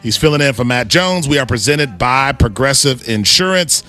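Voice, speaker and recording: A man's voice: medium pitch, expressive, normal speed, bright, forceful tone, faint music behind. A man hosting a sports talk radio show, chatting casually with a co-host, often restarting his sentences. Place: radio studio. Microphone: studio microphone.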